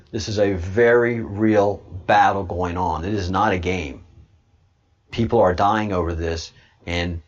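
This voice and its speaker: A man hosting a livestream and answering chat, halting with many restarts, then repeating points slowly and with emphasis. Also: deep voice, lo-fi sound. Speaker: channel host.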